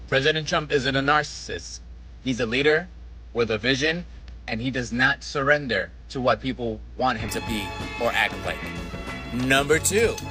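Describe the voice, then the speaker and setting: Forceful-voiced man from New York. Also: mid-range voice, slightly rough. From New York City. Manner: confident, declarative, lays out points. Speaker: political commentator. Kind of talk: direct-to-camera monologue.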